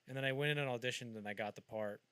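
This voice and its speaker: A man with a clear, resonant mid-range voice races through casual film-history stories on his podcast, with no room sound. As an animated storyteller, he acts out the quotes.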